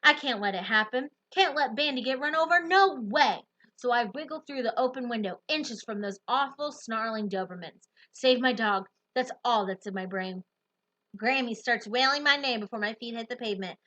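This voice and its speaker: Woman reading a story out loud, lively and expressive, bright voice on the high side. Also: moderate pace, lo-fi sound. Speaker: audiobook narrator. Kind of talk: first-person novel narration.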